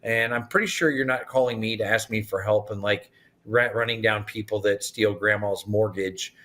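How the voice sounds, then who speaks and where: A man's voice: on the low side, moderate pace, sharp tone. A man, a guest in an interview, retelling events animatedly and acting out the dialogue. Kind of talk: storytelling in an interview.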